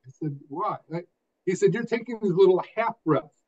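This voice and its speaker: Older man, expressive storyteller, emphatic, dull lo-fi audio. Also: high voice, normal speed, long pauses. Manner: expressive, emphatic, speaks phrase by phrase. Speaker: guest. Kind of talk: conversational storytelling. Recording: dull lo-fi sound.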